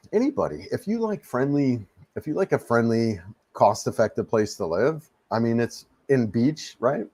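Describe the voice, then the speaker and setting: With a medium-pitched, slightly mellow voice on a dry recording, an American living in the Philippines hosts a laid-back live stream from home. He responds to viewers, rambles, repeats words often, and adjusts the desk mic he uses.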